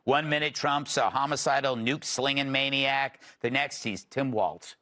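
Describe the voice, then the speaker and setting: A man's voice: medium pitch, normal speed, pushed and bright. A man hosting a late night talk show, delivering a sarcastic monologue.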